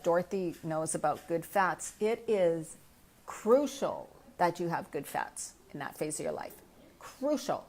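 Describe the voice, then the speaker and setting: A woman in her fifties, a midlife health coach, talking candidly in a casual live chat and answering viewer comments from her own experience. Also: lowish voice. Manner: candid, chatty, speaks from personal experience.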